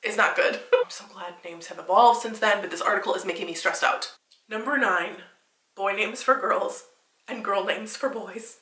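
A woman in her thirties, a baby name consultant, reacting to an article on camera, animated and increasingly exasperated, laughing often. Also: mid-range voice, moderate pace, roomy sound.

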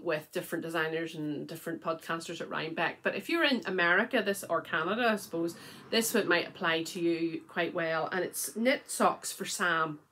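Chatty woman, somewhat low voice. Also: bright, forceful tone. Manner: chatty, rambling, frequent ums and laughs. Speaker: knitting podcast host. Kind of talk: casual chatty vlog.

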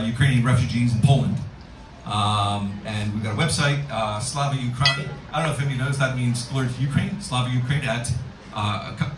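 A man's voice: medium pitch, noisy background. Middle-aged male comic, rambling and self-deprecating, roomy sound from far off, music behind. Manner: rambling, self-deprecating, full of ums and restarts. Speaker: stand-up comedian. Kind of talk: live stand-up set. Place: restaurant comedy room with a live audience.

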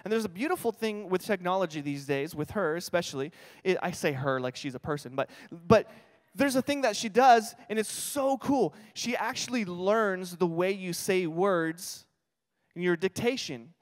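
A man's voice: high-pitched, animated, normal speed. A man in his thirties from New Mexico, with a New Mexican accent, preaching a conversational sermon in a chatty, self-deprecating way, with frequent restarts. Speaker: pastor. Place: church auditorium. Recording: long hall reverb.

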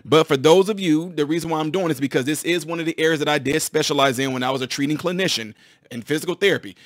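A somewhat high-voiced man explains a medical topic straight to his viewers, talking fast and getting excited as he goes. He restarts and repeats phrases, talking casually. The sound is dry and close, with no room echo. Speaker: former physical therapist commenting on news.

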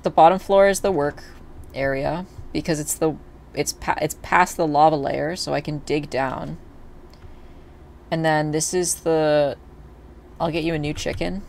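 A man's voice: a little high, steady tone, a little slow, creaky, pauses often, slight background noise. A man streaming a video game, chatting casually to his viewers and swearing freely when things go wrong. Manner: chatty, talks to chat, swears when upset.

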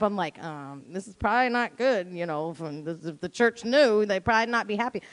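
A middle-aged woman, a worship leader, telling family stories at the end of a church service, animated and laughing. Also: medium pitch, brisk, hardly any pauses. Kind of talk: sermon closing remarks. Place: church sanctuary. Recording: long church reverb.

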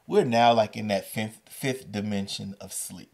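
A man with a fairly low voice hosts a storytelling podcast. He tells his stories with energy, acting out the voices and shifting his pace for effect. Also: a little slow, vocal fry. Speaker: podcast host and educator.

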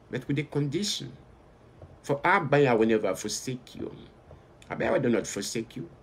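A man preaching a live online sermon with fervent exhortation. He calls out loudly, then drops low, and speaks English with non-standard grammar. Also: slight background noise.

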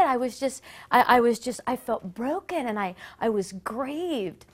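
A woman worship leader tells a personal testimony, her voice sitting a little high. She speaks earnestly and with animation, often breaking off and restarting her sentences as she goes. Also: a little slow. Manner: earnest and animated, with many self-interruptions.

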